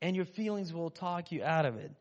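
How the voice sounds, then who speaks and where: A Russian preacher with a voice on the high side, animated and a little fast, delivers a casual, chatty sermon. He rambles conversationally and acts out inner voices, all captured with dull sound and long hall reverb.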